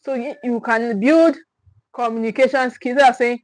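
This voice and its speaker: A woman's voice: fairly high pitch, brisk, no room sound, poor audio. A woman, a parenting coach teaching on a livestream, stressing and repeating her key points and checking in with viewers. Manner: emphatic, repeats key phrases; speaks directly to the viewers, with check-ins.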